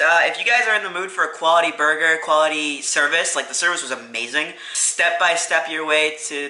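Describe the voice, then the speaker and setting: Guy doing a food review vlog, super bright sharp voice, roomy restaurant echo, chatty. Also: a little high. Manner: chatty, enthusiastic, lots of fillers. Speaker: food vlogger. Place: restaurant, indoors. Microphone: phone camera, no tripod.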